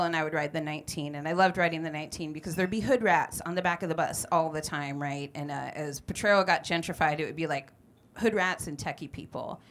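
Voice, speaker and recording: A woman's voice: on the low side, sharp tone, slight background noise. A woman comedian from San Francisco telling a brash, profane story on stage at a live show. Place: bar venue stage before a live audience.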